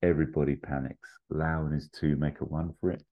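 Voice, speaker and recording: A man hosting a podcast, casually pitching an adventure story with fillers, asides and chuckles. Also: steady tone, fairly quick. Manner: rambling, full of fillers and asides, chuckles at own jokes. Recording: slightly muffled lo-fi audio.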